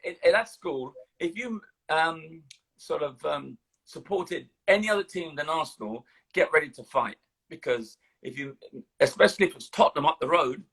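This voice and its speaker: Older london guy, husky voice, chatty and animated, lots of ums. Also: fairly high pitch, moderate pace. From London, England. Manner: animated storytelling, hesitant fillers. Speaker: guest. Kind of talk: casual interview chat.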